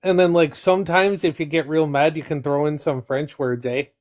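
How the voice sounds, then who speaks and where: A man from Michigan with a fairly high voice chats on a podcast with friends. He jokes around and tells stories in halting bits. His talk is easygoing. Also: fairly even intonation, darkish tone. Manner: joking, tells stories with pauses. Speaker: podcast co-host. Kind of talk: casual chat.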